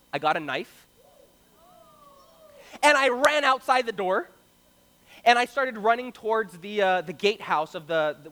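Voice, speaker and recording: A young man from Brazil telling a story in an animated sermon, acting out the voices of the people in it. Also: high voice. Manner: animated, acts out quoted voices. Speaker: preacher. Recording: long hall reverb.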